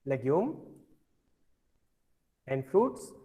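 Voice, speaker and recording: A man's voice: mid-range voice, very animated, warm tone, poor audio. A man teaching a French vocabulary lesson, patiently repeating each word. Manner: slow, patient, repeats words for drilling. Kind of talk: classroom language lesson.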